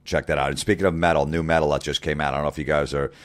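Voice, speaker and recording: A man's voice: very deep voice, flat delivery, rapid-fire. A man hosting a podcast, talking casually in a profane, ranting, sarcastic way. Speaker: podcast host.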